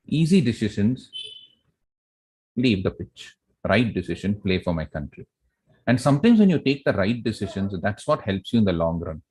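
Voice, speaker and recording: A middle-aged man with an Indian English accent, a professor telling a story to students in an animated lecture. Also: on the low side, moderate pace, slightly rough. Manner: animated storyteller, asks the room for agreement. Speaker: professor giving a leadership talk.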